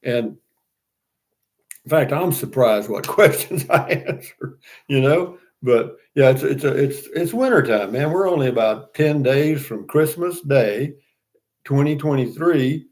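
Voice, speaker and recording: A man's voice: mid-range voice, animated, unhurried, a little mellow. Folksy older man chatting on livestream. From Texas. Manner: folksy, rambling, many fillers and restarts. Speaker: livestream host. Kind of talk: casual chat reading viewer comments.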